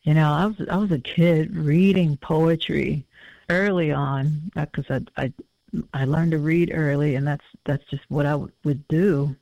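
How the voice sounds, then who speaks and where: Man in his fifties, musician guest, slightly high voice, thoughtful and halting, muffled lo-fi sound. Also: fairly even intonation, gravelly, darkish tone, no room sound. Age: 50s. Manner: reflective, halting with many fillers. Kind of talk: casual interview conversation. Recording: dull lo-fi audio.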